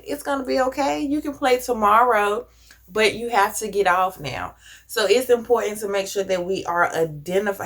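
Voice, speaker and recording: A woman's voice: mid-range voice, fairly bright tone. Earnest woman giving life advice. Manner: earnest, advising, conversational with casual slang. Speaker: vlogger. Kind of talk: reflective personal talk to camera.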